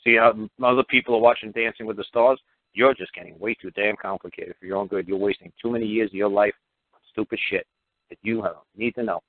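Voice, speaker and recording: A man's voice: lowish voice, steady tone, fast talker, dry recording. Blunt swearing radio host guy lecturing a caller, thin phone-line sound, dry. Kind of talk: call-in radio advice.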